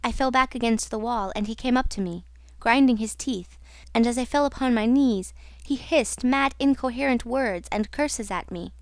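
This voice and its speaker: A woman narrating an audiobook in a slow, dramatic reading style. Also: fairly high pitch, no echo, close to an everyday voice. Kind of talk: scripted narration.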